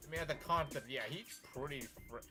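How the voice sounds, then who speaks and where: A man's voice: on the high side, fast, loud music behind the voice. A man chatting on a podcast, hesitant and full of restarts. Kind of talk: casual chat.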